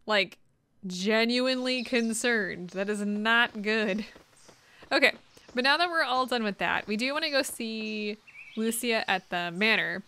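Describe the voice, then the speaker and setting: A woman's voice: on the high side, moderate pace, sharp tone, smooth. A woman casually commenting while playing a game, chatty and thinking aloud. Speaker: game streamer. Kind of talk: casual let's-play commentary. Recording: game music behind.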